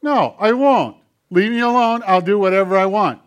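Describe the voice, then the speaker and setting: A man's voice: sits high, lively intonation, normal speed, pitched above the performer's own voice. A man voicing his own hand as a stubborn, defiant talking puppet that taunts and talks back. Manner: bratty, taunting.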